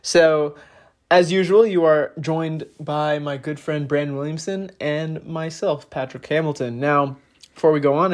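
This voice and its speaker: A man's voice: on the high side, fairly even intonation, a little slow. A young man hosting a casual podcast, speaking with a slight lisp and explaining ideas earnestly with frequent fillers. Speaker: podcast host.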